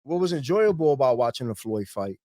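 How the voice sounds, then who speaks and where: A man's voice: mid-range voice, very animated, brisk, mellow, no room sound, studio quality. A man in a casual podcast chat who makes emphatic, punchy points. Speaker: podcast co-host.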